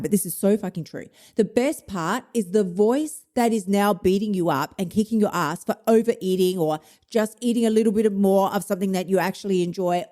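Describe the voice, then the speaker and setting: A woman's voice: mid-range voice, mellow. A woman in her thirties hosting a weight loss talk, blunt and emphatic, swearing freely as she gives a casual motivational monologue. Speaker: host of a weight loss show.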